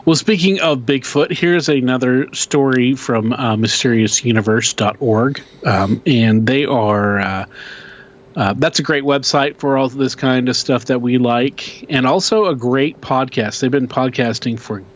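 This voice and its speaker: A man's voice: mid-range voice, a little slow, lo-fi sound. A man co-hosting a casual podcast, rambling and self-deprecating with lots of fillers. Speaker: podcast co-host. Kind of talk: casual chat.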